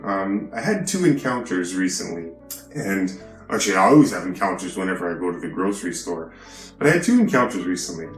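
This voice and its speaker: A man with a low voice lectures emphatically in his vlog, often tagging "right?" onto his points. He talks from a hotel room with a roomy echo and faint music behind him. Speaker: video host. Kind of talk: preachy vlog monologue.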